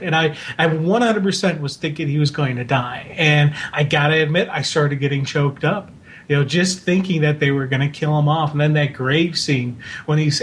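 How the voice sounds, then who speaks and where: A man's voice: on the high side, a bit bright, a little hiss or hum. A man co-hosting a casual fan podcast, talking in a heartfelt, rambling way full of asides. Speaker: podcast co-host.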